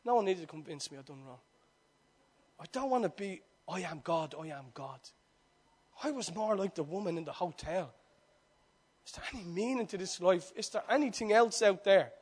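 A man in his forties delivers an impassioned sermon in a strikingly high voice. He swings from loud, urgent appeals down to near-whispered confessions, often driving a point home with repetition. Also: expressive, a little fast. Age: 40s. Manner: repetitive rhetorical preaching. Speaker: preacher.

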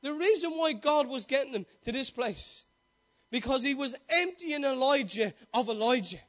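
Male pastor, very high voice, preaching with rhetorical questions and restarts. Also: lively intonation, normal speed, a bit bright. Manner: rhetorical questions, repeated call-and-answer, stumbling restarts. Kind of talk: sermon.

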